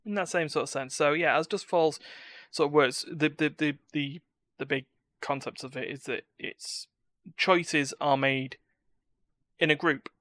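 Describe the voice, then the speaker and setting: A man's voice: a little high, fairly even intonation, measured pace, pushed and bright, dry recording. Dry-voiced man rambling as a podcast host. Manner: rambling and opinionated, lots of restarts. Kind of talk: casual chat.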